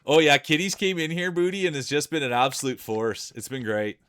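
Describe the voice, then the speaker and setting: A man's voice: a little high, fairly even intonation, brisk, fairly bright tone, clean tone. A man with a Canadian accent giving chatty play-by-play commentary on a live stream. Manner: chatty play-by-play with frequent laughs.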